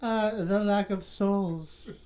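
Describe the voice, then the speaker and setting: A young man voicing Peeves, an odd, haughty male cousin, in a drawn-out, affected and pompous manner during an improvised comedy bit. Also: sits high, dark tone.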